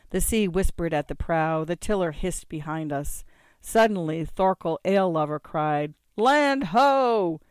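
A man's voice: fairly high pitch, smooth, dry recording, studio quality. A man narrating a first-person story in a vivid, relishing, theatrical manner.

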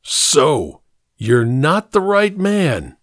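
A man voicing a menacing, vengeful male killer in a read-aloud story, with a throaty, rasping snarl and slow threatening delivery. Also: mid-range voice, very animated, dry recording, studio quality, exaggerated voice. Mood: sneering. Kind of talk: dramatic story reading.

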